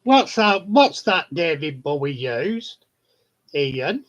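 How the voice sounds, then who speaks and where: Slow-talking man, laughing. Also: a little high, big pitch swings, a bit bright. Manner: chatty storyteller, swears freely, laughs often. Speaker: live stream host. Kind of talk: casual chat. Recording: dull lo-fi sound.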